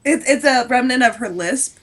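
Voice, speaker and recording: Animated bright-voiced woman podcaster. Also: sits high, normal speed. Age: young adult. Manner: chatty, laughing, acts out others' voices. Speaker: podcast co-host. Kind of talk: casual chat.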